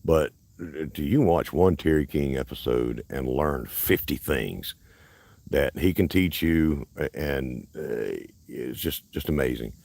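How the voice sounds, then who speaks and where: A man's voice: very deep voice, expressive, takes it slowly, creaky, a little mellow, dry recording. A man from Alabama with a Southern accent, hosting a casual, rambling livestream chat outdoors at a park in a folksy way. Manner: folksy, rambling, self-interrupting. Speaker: livestream host.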